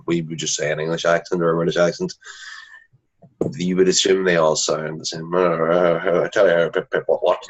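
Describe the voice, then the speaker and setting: In a dull, lo-fi recording, a man with a low, husky voice is a guest in a casual interview. He talks earnestly and often restarts his sentences.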